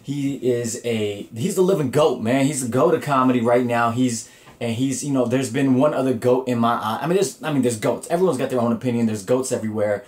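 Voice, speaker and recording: A man hosts his own comedy podcast alone, chatting casually from what sounds like a home setup. His voice sits at an ordinary middle pitch. He curses freely and rambles, stumbling through fillers and restarts as he goes. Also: a little fast, a little mellow. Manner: loose and profane, with frequent fillers and restarts. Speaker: podcast host. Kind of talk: casual solo podcast talk.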